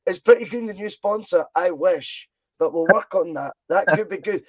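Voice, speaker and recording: A man hosting a casual fan podcast, loud and animated as he reads out viewer comments. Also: sits high, moderate pace, low-quality recording. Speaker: podcast host.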